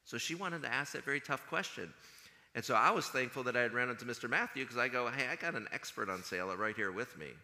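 A man giving an earnest chapel talk to high school students, telling stories and acting out what others said. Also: animated, quick pace, bright, forceful tone. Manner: earnest storytelling, quotes others in conversation. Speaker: school chaplain. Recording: long hall reverb.

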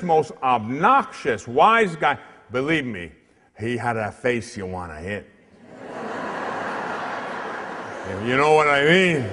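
A priest giving a comic, storytelling sermon in church, acting out the people in his tale. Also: mid-range voice. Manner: animated, comic storyteller who acts out the other people in the tale. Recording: long hall reverb.

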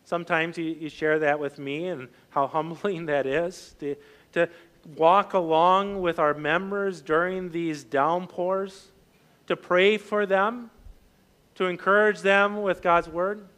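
Pastor, male, high voice, chatty sermon delivery full of "you know" and restarts. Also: takes it slowly. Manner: conversational, filler-heavy, frequent restarts; animated and loud when voicing the disciples, quiet and low when personal.

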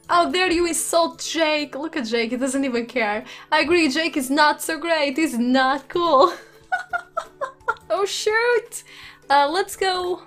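A woman's voice: high voice, slow, fairly bright tone, soft background music. A woman giving let's play commentary on a life sim game, chatty, giggling often and reacting aloud from a desk microphone. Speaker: gaming YouTuber. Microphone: desk USB microphone.

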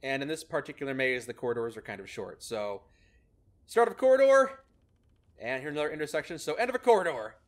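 A man's voice: a little high, big pitch swings, fast talker. A man hosting a gameplay video, explaining a maze-solving method in a casual, upbeat way and laughing often. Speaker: host explaining a maze algorithm in a game.

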